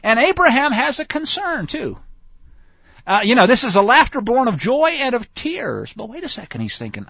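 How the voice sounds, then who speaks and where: A man talks through Scripture in a folksy, conversational way and often turns aside to his listeners. His voice sits high and swings widely in pitch, with a bright edge. The recording is dry and somewhat dull and lo-fi. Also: very animated, moderate pace, vocal fry, slightly rough, no echo. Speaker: Bible teacher. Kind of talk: conversational Bible teaching.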